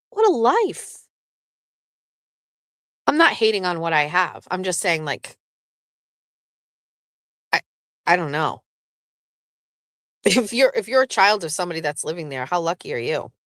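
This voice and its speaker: A woman's voice: medium pitch, moderate pace, long pauses, no echo. A woman from southeastern Massachusetts hosting a show in casual, rambling chat, swearing freely and often laughing. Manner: lively, breaks into laughs. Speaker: show host.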